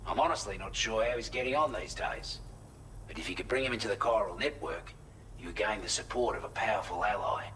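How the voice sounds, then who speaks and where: A blunt Australian radio contact. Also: male voice, on the low side, brisk, sharp tone, a little hiss or hum, low-quality recording. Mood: briefing. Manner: blunt, salty, conversational briefing. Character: gruff Australian male radio contact, blunt and matter-of-fact.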